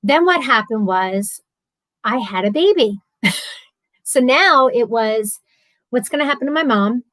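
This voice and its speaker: A woman in her thirties talking openly on a live stream, candid and animated, answering viewer comments. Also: on the high side, a little slow, dry recording, rough recording. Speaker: vlogger.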